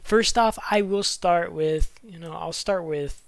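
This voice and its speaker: Out of breath and filler-heavy, a male gaming YouTuber offers casual strategy commentary, often restarting and correcting himself. He has a high, gravelly voice, speaks at a measured pace, and the recording is dry.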